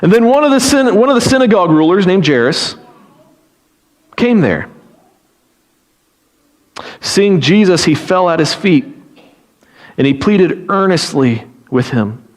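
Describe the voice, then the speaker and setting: Male pastor, high voice, lively sermon storytelling with acted-out pleas, frequent restarts. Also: measured pace, long pauses. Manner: animated storytelling, acting out pleading voices; repeats words and restarts phrases.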